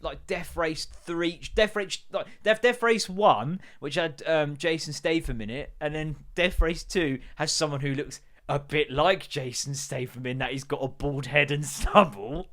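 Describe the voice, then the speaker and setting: A man's voice: on the high side, a little slow, hardly any pauses, a bit bright. A man hosting a podcast, telling rambling, sweary stories with jokey put-on voices. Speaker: podcast host. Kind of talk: casual solo rant.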